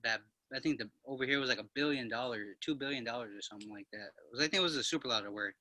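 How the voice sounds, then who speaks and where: A young man rambles through a dream story, packing his sentences with "like" and sounding a little high. His voice is very bright and sharp, and it sits close and dry with no room around it. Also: very fast, no echo. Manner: rambling, full of "like", a bit high. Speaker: guest. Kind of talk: casual storytelling.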